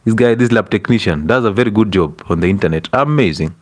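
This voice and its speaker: A man's voice: fairly low pitch, expressive, fast. A young Kenyan man hosting a casual livestream, greeting viewers by name, breaking into Swahili and laughing often between stories. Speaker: livestream host.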